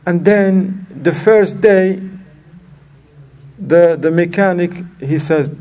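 A religious teacher with a high-pitched, dark-toned voice speaks slowly, giving a casual lesson. He keeps it conversational, putting questions to his listeners, and sounds far from the microphone.

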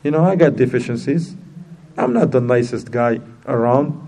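A man preaching a sermon in a lively way, mixing in Arabic terms and acting out quoted speakers with sudden high jumps in pitch. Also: normal speed. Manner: non-native phrasing, mixes in Arabic terms.

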